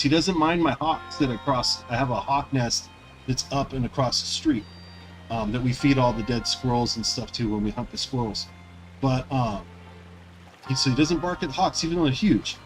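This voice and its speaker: A man's voice: mid-range voice, fairly bright tone, poor audio. A man who streams games, chatting casually while he plays in a loose, rambling way with lots of fillers. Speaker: gaming streamer. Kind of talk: casual chat while playing.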